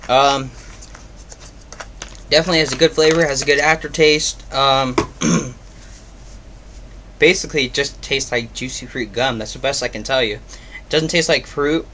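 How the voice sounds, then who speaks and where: A man's voice: medium pitch, normal speed, pauses often, bright, forceful tone, slight background noise. A man giving a casual video review, rambling with many ums and uhs. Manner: rambling, filler-heavy, offhand. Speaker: product reviewer.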